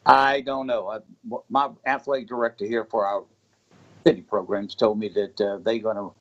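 A man who is a city mayor, speaking as a guest on a radio show, halting with many pauses. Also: lowish voice, steady tone, highs cut off. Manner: hesitant, halting, many uhs. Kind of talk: casual radio interview.

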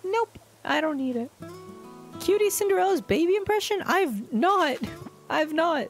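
A tiny, babyish voice pitched way up high, with a crackly, gravelly edge running under it, as a woman puts it on. It chatters about a game on stream in a giggly, self-mocking way, as if it were a little kid. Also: expressive, a little slow, soft background music, exaggerated voice. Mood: babyish, playful. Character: cutesy baby-talking little girl. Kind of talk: livestream gameplay chatter.

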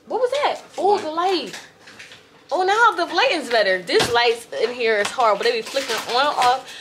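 A woman's voice: high-pitched, normal speed, background noise. Chatty 22-year-old woman vlogger. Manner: chatty, slangy, animated storytelling. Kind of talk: casual diary vlog.

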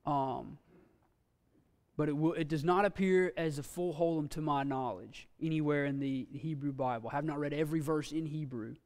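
A man teaching a Bible language class in a church classroom, folksy and halting, with frequent fillers and restarts. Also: a little high, a little mellow. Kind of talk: classroom lecture. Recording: long reverb from a hall.

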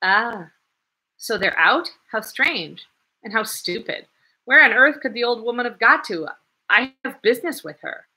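A woman's voice: on the high side, lively intonation, a little slow, pushed and bright, breathy edge, voice pushed up, heavily acted, low-quality recording. A woman doing a blustering, impatient man. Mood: puzzled.

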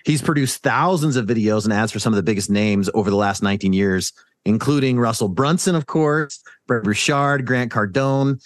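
A man's voice: mid-range voice, normal speed, no room sound, clean studio sound. A man co-hosting a podcast, upbeat and chatty, often restarting his sentences. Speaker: podcast co-host. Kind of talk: casual podcast chat.

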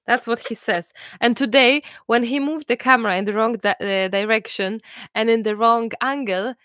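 A woman in her thirties hosting a live crafting class, chatting and telling stories in a lively way with many restarts. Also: fairly high pitch, moderate pace, dry recording, clean studio sound. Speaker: crafting channel host. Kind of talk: casual chat during a live crafting class.

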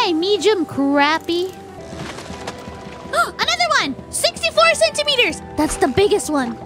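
A woman streamer chats her way through a game, excitable and prone to gasps and squeals. Her voice sits very high and she takes her time with the words. Clear music plays behind her. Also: takes it slowly. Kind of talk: casual gameplay chat.

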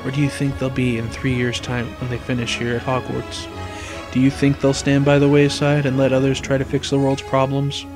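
A man voicing an old, wise male headmaster who speaks softly, measured and solemn. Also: mid-range voice, monotone, over music, close to an everyday voice.

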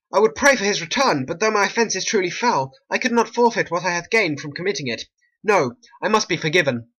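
A performer voicing a guilty, scheming usurper king in an amateur animated play, with a solemn reading. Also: mid-range voice.

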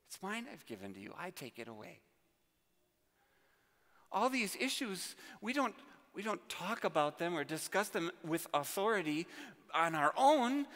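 A man's voice: high voice, sharp tone, long reverb tail. A male pastor preaching a sermon with emphasis and vivid everyday analogies, recorded in a church sanctuary.

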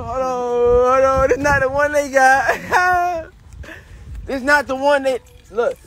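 Male vlogger, higher voice, excited and repetitive, faint music behind. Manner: excited, repetitive street talk. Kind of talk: casual vlog.

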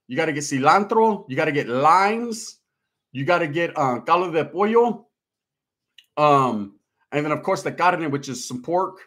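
A man's voice: on the high side, fairly bright tone. A man hosting a casual livestream, reading out viewer comments in a slangy, laid-back way. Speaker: livestream host.

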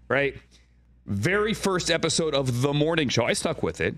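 A man's voice: mid-range voice, expressive, fairly quick, fairly bright tone, dry recording. Middle-aged male guest broadcaster, rambling storyteller, close dry studio mic. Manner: rambling storyteller, mimics on-air voices, frequent "right?". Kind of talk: animated casual studio chat. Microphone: studio mic with earpiece.

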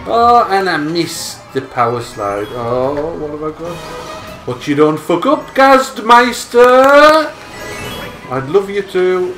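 A man's voice: on the high side, expressive, measured pace. A man playing a racing game online and trading crude, swearing jokes with a friend. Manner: swears constantly, teasing, laughs a lot. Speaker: gamer. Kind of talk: crude joking gameplay banter. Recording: echoey room with game music.

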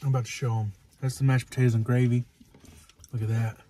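A man's voice: mid-range voice, level tone, fast, dark tone, no echo. A man chatting casually with his partner over a meal, joking in a laid-back, dry way. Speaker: co-host, partner. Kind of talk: casual chat while eating.

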